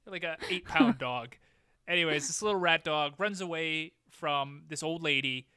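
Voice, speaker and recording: A man's voice: fairly high pitch, moderate pace, pushed and bright, clear, resonant tone, no echo, studio quality. A man co-hosting a podcast, joking casually as he recaps an old TV episode. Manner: joking, playful, acts out quotes. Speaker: podcast co-host.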